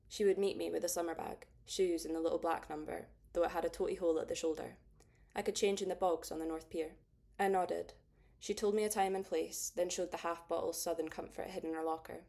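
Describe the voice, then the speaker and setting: Low-voiced woman reading an audiobook. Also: fairly even intonation, a little fast, creaky, warm tone. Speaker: audiobook narrator. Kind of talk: first-person audiobook narration.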